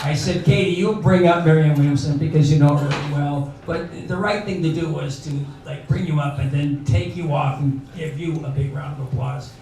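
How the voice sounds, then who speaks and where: A man's voice: fairly high pitch, fairly even intonation, moderate pace, few pauses. An older man emceeing a live benefit show, chatting in a rambling way with many fillers. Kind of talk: live event hosting. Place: indoor bar venue. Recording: echoey room from far off with crowd noise.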